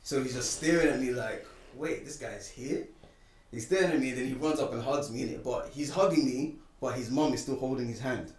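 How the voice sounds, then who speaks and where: With a medium-pitched voice, fast and with few pauses, a man casually recounts a personal story on a podcast. He's animated and acts out what people said, and the echoey room and distant mic color the sound.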